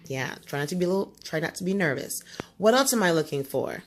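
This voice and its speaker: A woman teaching a student one-on-one in a homeschool lesson, coaching and often checking understanding with quick tag questions. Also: lowish voice, animated, a little hiss or hum.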